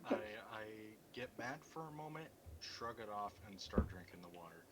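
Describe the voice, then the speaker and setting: A man's voice: fairly low pitch, animated, moderate pace, fairly bright tone. A man playing a tabletop game, making dry, wry remarks. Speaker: player.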